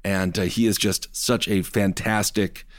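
A man hosting a podcast, talking in a loose, animated, joking way about news. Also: low voice, unhurried, no room sound, studio quality. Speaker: podcast host. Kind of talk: casual political chat.

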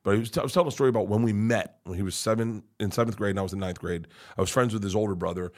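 A man's voice: on the low side, very fast, a little mellow. Rambling, profane middle-aged man telling stories. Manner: rambling, profane, emotional, with frequent restarts and laughs. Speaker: podcast guest. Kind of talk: casual storytelling chat.

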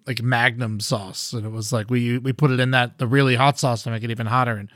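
A man's voice: mid-range voice, steady tone, fast, a bit bright, dry recording, studio quality. A man co-hosting a podcast, casually retelling a movie plot in a rambling, profane way with acted-out quotes. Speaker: podcast co-host. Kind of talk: casual storytelling chat.

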